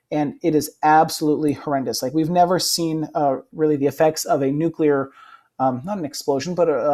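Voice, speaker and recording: A young male history teacher giving a casual recorded lecture, often checking in with "right?" and filling pauses with "uh" and "um.". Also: fairly high pitch, dark tone. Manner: casual, frequent "right?" check-ins and fillers.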